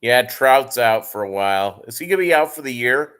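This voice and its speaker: A man's voice: medium pitch, expressive, brisk, a bit bright, smooth. A man who breeds fish, chatting casually and rambling on his live stream and calling viewers "gang".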